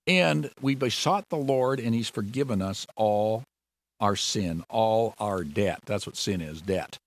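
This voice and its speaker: A man preaching a sermon who talks in a lively, animated way and jumps higher and louder on key words. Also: a little slow, no echo.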